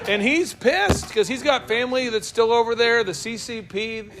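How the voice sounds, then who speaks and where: A man with a high, lively voice hosts a business talk, tossing jokes and questions at the people around him. His delivery is animated, full of quick asides. A faint hiss sits under the recording. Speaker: business coach and show host. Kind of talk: lively talk to a live room.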